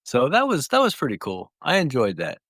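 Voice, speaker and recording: A man's voice: medium pitch, wildly swooping pitch, brisk, fairly bright tone, dry recording. A man telling stories in an interview, rambling through anecdotes with small restarts. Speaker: guest clownfish breeder. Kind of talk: relaxed storytelling.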